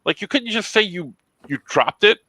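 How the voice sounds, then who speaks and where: A man's voice: sits high, lively intonation, moderate pace, sharp tone, no room sound, low-quality recording. A man co-hosting a podcast, frustrated, often restarting his sentences with stammers in casual chat. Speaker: podcast co-host.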